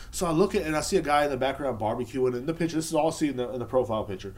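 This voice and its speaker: Man, solo podcast host, profane and sarcastic, voice swings high and low. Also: lively intonation, rapid-fire, few pauses, darkish tone. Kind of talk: casual solo podcast rant.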